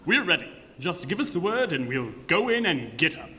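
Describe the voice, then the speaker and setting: A man's voice: on the high side, very animated, normal speed. An actor playing a dutiful, deferential male police inspector, in 1940s radio acting style, on a reverberant old broadcast. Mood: eager. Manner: eager, deferential.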